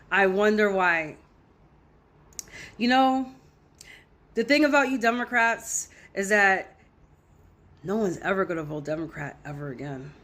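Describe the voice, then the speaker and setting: A woman's voice: medium pitch, fairly bright tone. Woman in a heated, profane rant. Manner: heated, profane, repetitive ranting. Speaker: social media commentator. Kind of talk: angry reaction rant to camera.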